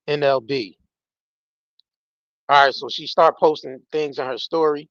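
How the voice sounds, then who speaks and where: A man's voice: medium pitch, measured pace, long pauses, fairly bright tone, no echo. A man hosting a live stream, giving casual commentary in loose, slangy, emphatic talk and swearing freely. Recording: dull, dry lo-fi audio.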